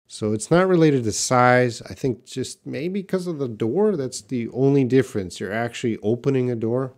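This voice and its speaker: A man's voice: mid-range voice, a little mellow. Male English teacher, patient explainer, live Q&A. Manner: patient, explanatory, repeats words slowly for learners. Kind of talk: live Q&A class, reading viewer questions.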